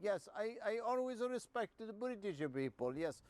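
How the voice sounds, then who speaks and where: Man as an excitable, high-voiced salesman type, rambling. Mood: effusive. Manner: rambling, halting, effusive. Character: excitable Italian male agency boss.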